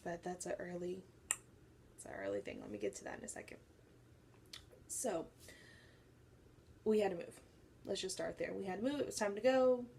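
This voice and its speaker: A young woman telling a personal faith story to her viewers, animated and acting out what people said. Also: on the low side, normal speed, gravelly, long pauses, a little hiss or hum. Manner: animated storytelling, acts out quoted voices. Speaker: faith vlogger. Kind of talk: personal testimony to camera.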